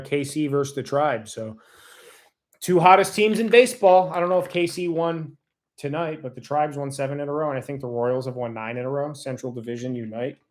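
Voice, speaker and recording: Reading through viewer comments, a livestream host thanks people one at a time in a mid-range, slightly mellow voice. His heartfelt talk rambles, and he restarts when he loses his train of thought.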